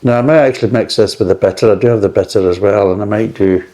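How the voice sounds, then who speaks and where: A man's voice: lowish voice, fast, mellow. A middle-aged man chatting casually and frankly as he reviews a beer, rambling between thoughts.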